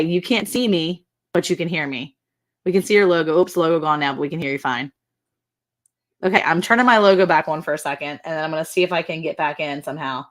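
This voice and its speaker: Chatty woman hosting a ranch livestream. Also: on the low side. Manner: chatty, laughing often, greets viewers by name. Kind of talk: casual livestream chat.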